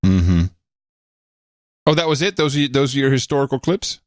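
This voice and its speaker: A man co-hosting a podcast in casual chat, quick-witted and joking. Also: medium pitch, lively intonation, dry recording, clean studio sound. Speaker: podcast co-host.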